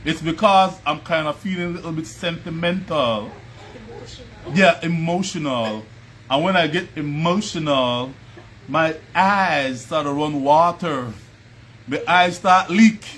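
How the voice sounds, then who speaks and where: A man's voice: fairly high pitch, unhurried, fairly bright tone, a little hiss or hum. A man with a Belizean Creole accent hosting a casual livestream, chatting, laughing often and greeting viewers by name. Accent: Belizean Creole English. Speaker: livestream host. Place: at home. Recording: music playing behind.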